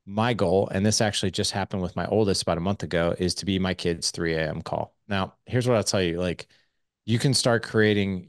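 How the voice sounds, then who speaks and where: A man in his forties speaks as a parenting coach on a podcast, casual and animated, often slipping into quoted dialogue. His voice sits very low. The sound is close and dry, with no room around it. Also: dry recording. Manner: energetic, acts out quoted dialogue; casual, swears lightly. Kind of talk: casual interview conversation.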